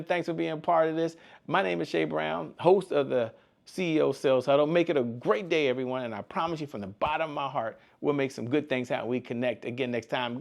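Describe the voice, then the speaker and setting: A man hosting a sales coaching show, talking in an energetic, preachy way and repeating his slogans. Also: mid-range voice, a little fast, vocal fry. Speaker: host. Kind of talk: motivational business talk.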